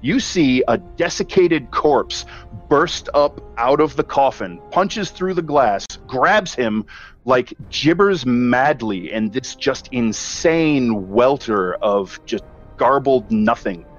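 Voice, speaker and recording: A man's voice: mid-range voice, animated, slow pace. A man narrating as game master of a tabletop game, telling the scene vividly with small hesitations. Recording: dull lo-fi audio, faint music.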